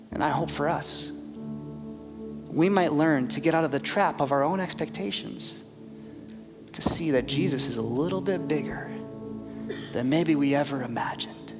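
A male pastor preaching a sermon, with dramatic swings from loud emphasis down to near whispers. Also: on the high side, moderate pace, in a large hall, soft background music.

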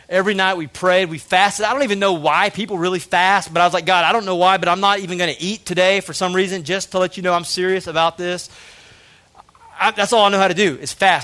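A man's voice: a little high, pushed and bright. A man in his thirties preaching a sermon, telling a personal story earnestly and emotionally, often saying "man". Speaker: pastor.

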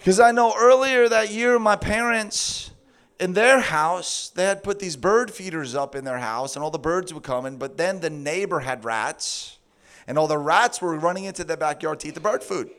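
A man preaching a sermon through a funny personal story, laughing often and acting out his own words in a high sing-song voice. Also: animated, normal speed, fairly bright tone, clean tone.

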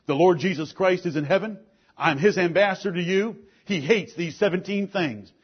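A man preaching a sermon with force, asking pointed questions and swinging between loud and low lines. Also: moderate pace, husky, lo-fi sound. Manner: forceful preaching, rises and drops sharply, rhetorical questions. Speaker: pastor.

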